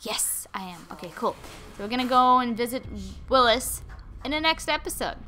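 A woman's voice: a little high, animated, moderate pace, sharp tone, slight background noise. A woman hosting a gaming video, chatting casually and talking to the game's characters as she plays. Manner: chatty, talks to game characters. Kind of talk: let's play commentary.

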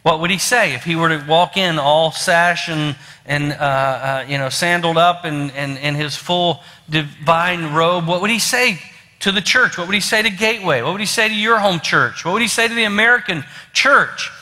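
A man with a West Virginian accent preaches to his church, his voice a bit high and very bright. He talks in a folksy, storytelling way, full of fillers and restarts. The sanctuary gives his words a long, ringing echo. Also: moderate pace. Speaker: pastor. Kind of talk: sermon. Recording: long hall reverb.

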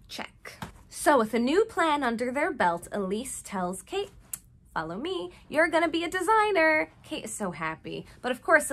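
A woman's voice: a little high, bright, forceful tone. Woman host, casual movie recap, chatty and joking. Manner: chatty, jokey asides.

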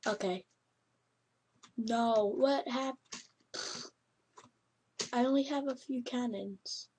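A woman giving excitable, yelping commentary over a game she is playing. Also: a little high, takes it slowly, slight background noise. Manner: excitable, yelps and laughs at the game. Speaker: gameplay commentator. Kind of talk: let's play commentary.

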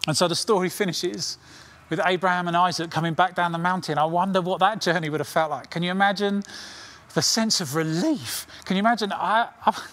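A middle-aged man preaching a sermon with earnest intensity, dropping his voice low on key lines. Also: fairly even intonation, fairly bright tone. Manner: earnest, dramatic pauses, drops to near whisper on key lines.

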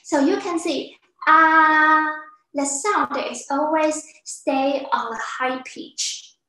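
A woman teacher with a high voice takes her time, speaking slowly and patiently as she walks a beginner class through each point. She acts out example sounds with big swoops of pitch. The echoey classroom rings around her. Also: faint music behind. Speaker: Chinese language teacher.

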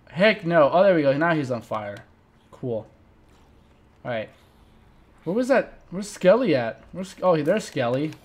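Young man, excitable game commentary. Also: a little high, lo-fi sound. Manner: animated, talks to viewers, reacts loudly to the game; playful, jokes and mock eulogies. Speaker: gaming channel host. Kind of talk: let's play commentary.

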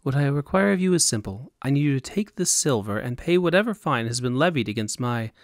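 A man voicing a secretive, lovestruck young woman of about twenty who speaks in an imperious, excited way. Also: medium pitch, fairly quick, no room sound, studio quality, lightly acted. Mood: commanding.

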